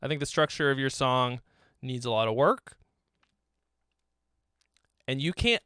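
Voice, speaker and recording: A man's voice: mid-range voice, animated, measured pace, long pauses, pushed and bright, clear, resonant tone, no echo, clean studio sound. A man hosting a live stream song critique, joking, teasing and swearing as he gives feedback. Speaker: host, songwriting critic.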